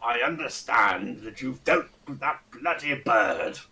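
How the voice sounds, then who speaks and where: A man's voice: medium pitch, lively intonation, a little slow, sharp tone, far from the mic. A man voicing a pompous, fat old lord with a monocle, fussy and apologetic, who blusters and swears. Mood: pleased.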